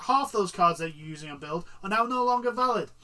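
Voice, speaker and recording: A man co-hosting a casual chat podcast in a high voice. His tone is bright and sharp. He speaks emphatically, leaning on key words. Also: lively intonation, fairly quick. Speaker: podcast co-host.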